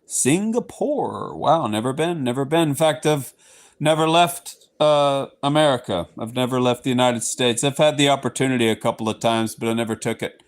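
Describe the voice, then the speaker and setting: Man, Texan accent, casual livestream chat, playful, mid-pitched voice. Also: a little fast. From Southeast Texas. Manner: chatty and playful, slipping into goofy voices. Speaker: livestream host. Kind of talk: casual live chat with viewers.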